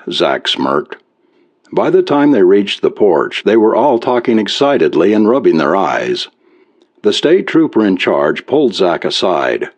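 A man narrating a story aloud in an expressive, measured way. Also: sits low. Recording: dull lo-fi recording.

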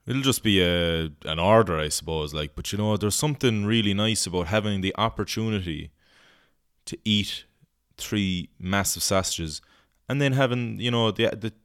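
Irish male podcast host, low and smooth, dry booth sound; loose comic rambler who swears freely. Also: brisk, fairly bright tone, no echo. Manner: rambling, swearing, goofy put-on voices. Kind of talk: casual comedic monologue.

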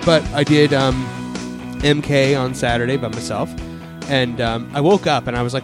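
A man's voice: medium pitch, steady tone, normal speed, music in the background. A man hosting a casual podcast, chatting in a rambling way with lots of fillers. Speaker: podcast host. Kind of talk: casual chat.

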